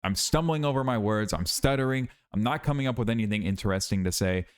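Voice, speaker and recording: A young man talks straight to camera in a loose vlog monologue, sounding tired and worn out. His voice sits fairly low. He rambles, doubts himself, and circles back over the same points. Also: fast, clear, resonant tone. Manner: rambling, self-critical, repeats himself. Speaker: YouTuber.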